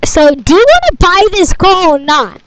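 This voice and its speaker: High-voiced woman acting out a chaotic story. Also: big pitch swings, moderate pace, no echo, poor audio. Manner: dramatic shouting and playful voices. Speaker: storyteller voicing all parts. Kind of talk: improvised game story role-play.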